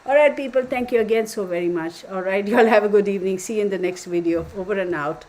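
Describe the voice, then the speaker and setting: A woman hosting a tarot live stream from home, chatty and warm with viewers, laughing often. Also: mid-range voice, fast talker, poor audio. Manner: chatty, affectionate, laughs often, baby talk to her dog. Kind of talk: casual live stream sign-off. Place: home room.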